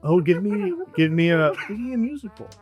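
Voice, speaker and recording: A man narrating as game master in a halting, filler-heavy way. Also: high-pitched, animated, darkish tone, faint music behind.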